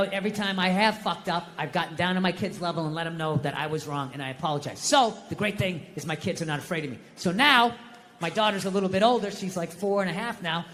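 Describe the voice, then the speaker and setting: A middle-aged man doing a stand-up comedy set, animated and swearing as he rants. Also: high voice, big-room sound, noisy background.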